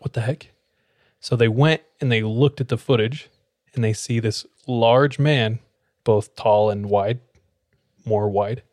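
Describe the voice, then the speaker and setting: A man co-hosts a podcast and tells a story in a casual, chatty way. He acts out the people in it, his pitch swinging up for their lines. The sound is dry and close. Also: no echo. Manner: animated, acts out quoted dialogue. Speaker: podcast co-host.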